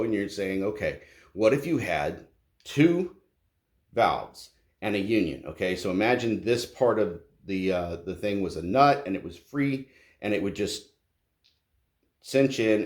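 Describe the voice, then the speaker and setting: A man's voice: deep voice, roomy sound. A middle-aged man ranting bluntly and profanely as a tradesman vlogger, exasperated and dismissive.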